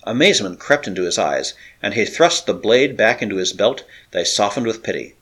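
A man's voice: on the low side, animated, fairly quick, a bit bright, slightly rough. A man narrating an adventure story with a dramatic, varied delivery. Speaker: audiobook narrator.

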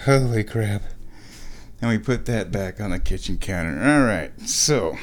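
A man talks his way through a home vlog in a slow, unhurried way, his voice rising and falling a lot. He rambles and chuckles at himself as he goes. He is recorded at home in his kitchen. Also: fairly low pitch, expressive. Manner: rambling, self-amused, with frequent chuckles. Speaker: vlogger. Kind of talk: casual home vlog narration.

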